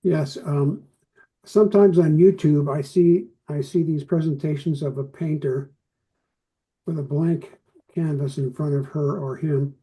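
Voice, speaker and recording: A class participant shares his thoughts hesitantly, in a mild way. His voice is slightly raised in pitch, yet it sounds very dark and mellow. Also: steady tone, unhurried, rough recording. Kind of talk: asking questions in class.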